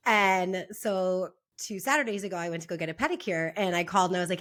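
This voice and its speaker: A woman's voice: on the low side, quick pace, hardly any pauses. Chatty young woman telling stories. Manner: chatty storyteller, animated when quoting others. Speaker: podcast co-host. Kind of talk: casual chat.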